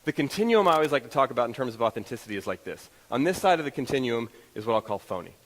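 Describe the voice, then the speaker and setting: A man giving a motivational talk to an audience, telling stories in an animated, self-deprecating way. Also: medium pitch, racing, long reverb tail, low-quality recording. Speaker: motivational speaker. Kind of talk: storytelling keynote talk to an audience.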